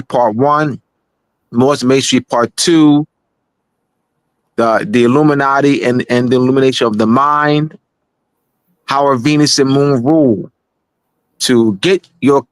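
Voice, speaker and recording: A man hosting a livestream show, talking in a halting, animated way with many restarts. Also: medium pitch, no room sound. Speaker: show host.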